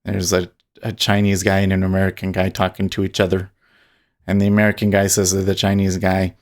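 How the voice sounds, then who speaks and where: A man's voice: sits low, completely flat delivery, fairly quick. A man talking casually and rambling as he streams his live day trading, often restarting and chuckling. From Utah.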